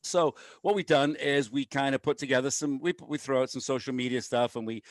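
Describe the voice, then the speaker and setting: A man's voice: mid-range voice, steady tone, a little fast, no room sound. A man co-hosting a podcast in a loose, rambling way, poking fun at himself. He is on painkillers after a wisdom tooth removal. His voice sits mid-range and sounds dry and close. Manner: loose, rambling, self-mocking. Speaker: podcast co-host, race director. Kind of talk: casual podcast chat.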